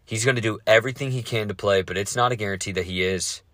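A man hosting a casual sports podcast, talking fast with lots of swearing and rambling asides. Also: lowish voice, a bit bright, no room sound, studio quality.

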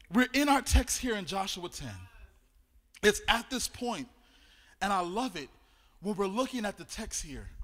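A man preaching a sermon in a church, with a sing-song cadence that rises into loud exclamations. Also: sits high. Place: church sanctuary. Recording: long hall reverb.

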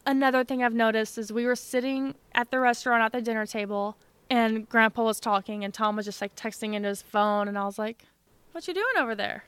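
A woman's voice: on the high side, flat delivery, a little fast, a bit bright, clean tone, dry recording. A young woman co-hosting a podcast, telling a story in a chatty, sarcastic way. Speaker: podcast co-host. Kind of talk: casual chat.

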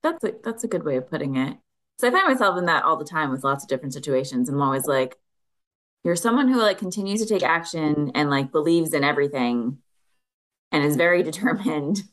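A woman's voice: sits low, expressive, fairly quick, fairly bright tone. A woman co-hosting a podcast, listening closely and responding in a casual chat. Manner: supportive listener, frequent backchannel. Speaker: podcast co-host.

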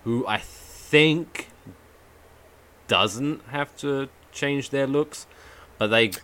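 Bright-voiced swearing podcast host. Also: male voice, medium pitch, drawn-out words. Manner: animated storytelling, swears freely. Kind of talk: casual chat.

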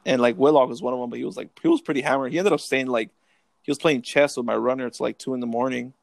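A man's voice: mid-range voice, fast, vocal fry, no echo. A young man telling stories in laid-back casual chat, cursing freely. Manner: laid-back, profane storytelling. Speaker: soldier.

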